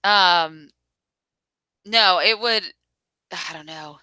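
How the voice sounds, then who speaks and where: A woman with a bright, smooth, clear voice chats casually as a co-host, spinning theories and laughing easily. Her pitch sits in the middle, and the sound is dry and close. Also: drawn-out words, no room sound. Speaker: podcast co-host. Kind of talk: casual chat reviewing a TV episode.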